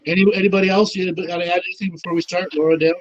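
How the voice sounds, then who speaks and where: A man co-hosting an online talk show, leading a slow, calm guided meditation with soothing instructions. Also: high-pitched, highs cut off. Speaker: co-host leading a guided session.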